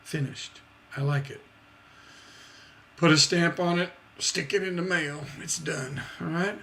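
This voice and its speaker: A man's voice: on the high side, steady tone, measured pace, bright, forceful tone. A man teaching songwriting on a livestream. He talks casually with fillers and restarts, and sings out rhythms with beat sounds. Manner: demonstrates rhythms by vocalizing beats; chatty, with many fillers and restarts.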